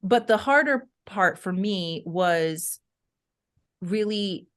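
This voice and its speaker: A young adult woman co-hosts a casual podcast, talking at a mid pitch in an expressive, storytelling way. She fills her speech with "like" and "right?" as she works through her thoughts. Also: slow. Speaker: podcast co-host.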